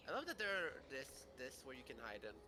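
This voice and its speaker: A woman's voice: extremely low pitch, big pitch swings, fast, sharp tone, slight background noise. A woman friend teasing and joking dramatically over voice chat while gaming.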